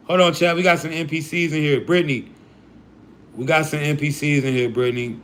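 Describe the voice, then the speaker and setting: A man's voice: on the high side, a little slow, pauses often, a bit bright. Preachy, profane man ranting to his stream. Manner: preachy, profane, hype talk with slang. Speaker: livestream host. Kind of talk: casual livestream rant.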